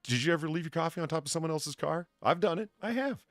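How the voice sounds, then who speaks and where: A man's voice: a little high, expressive, fast talker, no room sound. A man hosting a casual podcast, reading out donations, often laughing and repeating words. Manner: laughing, stammering restarts. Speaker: podcast host.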